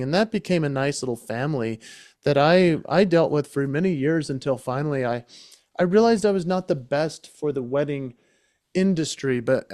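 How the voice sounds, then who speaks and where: A man's voice: a little high, darkish tone, no echo. A man telling an enthusiastic story as a podcast guest, talking casually into a close microphone. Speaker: guest, entertainer and speaker.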